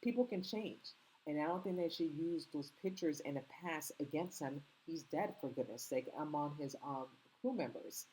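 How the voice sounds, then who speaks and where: A woman's voice: deep voice, moderate pace, warm tone, slight background noise, low-quality recording. A woman with a slight foreign accent hosting her own commentary channel, talking earnestly and rambling with many ums and restarts. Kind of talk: casual opinion commentary.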